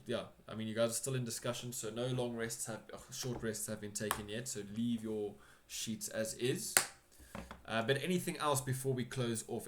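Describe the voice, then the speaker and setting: Chill game master guy, lowish voice, a bit of hiss. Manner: relaxed, loose and chatty. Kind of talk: tabletop game narration.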